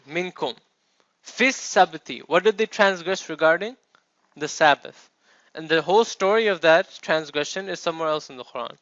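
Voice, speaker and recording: Lecturing to his class, the Arabic teacher explains things step by step and checks that his students are following. His voice is a little high with a fairly bright tone, and there's no echo on the dull, dry classroom recording.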